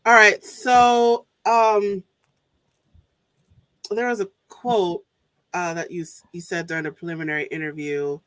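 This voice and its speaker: A woman's voice: fairly low pitch, flat delivery, unhurried, pauses often, fairly bright tone, smooth, no room sound. A woman hosting a podcast interview, chatting casually with frequent laughs and restarts. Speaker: podcast host.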